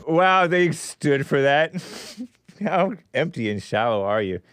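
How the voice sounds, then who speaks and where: A man hosts a streamed commentary show, needling his targets with sarcastic, mocking remarks. His voice is smooth and resonant. The sound is dry and close to the mic. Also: fairly high pitch, very animated, slow, a bit bright, dry recording, a faint crowd. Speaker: host.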